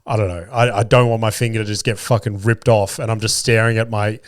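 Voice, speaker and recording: A man's voice: fairly low pitch, fairly even intonation, brisk, smooth, no echo, clean studio sound. A man, hosting a podcast and telling rambling, sweary, self-deprecating stories. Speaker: podcast host. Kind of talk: casual storytelling chat.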